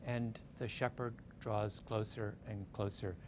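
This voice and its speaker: Against a noisy background, a man with a fairly low voice tells a story at an unhurried pace in a storytelling talk. He's animated and keeps turning to his audience with "right?".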